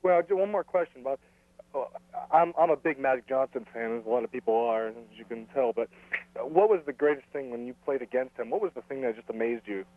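A man calling in to a radio show as an eager fan, chatty and quick with his questions. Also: medium pitch, expressive. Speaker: caller. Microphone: telephone. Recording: thin phone line.

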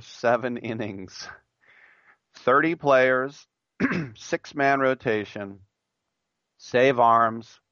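A man's voice: medium pitch, fairly bright tone, smooth, no room sound, muffled recording. A man hosting a sports talk radio show, reading a listener's idea aloud and then giving his blunt, joking opinions on it. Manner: jokey, mimics imagined voices.

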